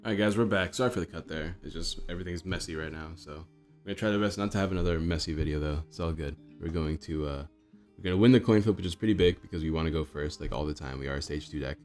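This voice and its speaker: A young man with a hoarse, groggy voice, chatting casually while commentating a card game he is playing. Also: deep voice, quick pace, a little mellow, faint music behind. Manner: chatty, thinks aloud with fillers.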